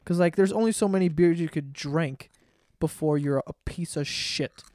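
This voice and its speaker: A man's voice: on the high side, moderate pace, a little mellow, dry recording, studio quality. A young man hosting a podcast, telling crude stories in casual chat. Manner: crude, joking storyteller. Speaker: podcast host. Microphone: studio mic on stand.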